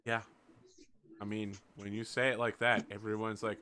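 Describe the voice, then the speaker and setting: A man runs a tabletop game in a playful, quick narrating voice. His tone is bright and edgy, and a faint hiss of noise sits behind him. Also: fairly low pitch, flat delivery. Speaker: game master.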